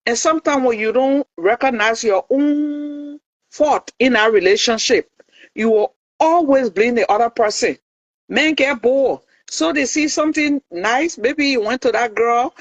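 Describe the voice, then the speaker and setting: A woman's voice: high voice, a little slow, no room sound. A woman calling in to a talk show, talking in a passionate, opinionated way with many restarts. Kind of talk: casual chat. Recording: dull lo-fi dry sound.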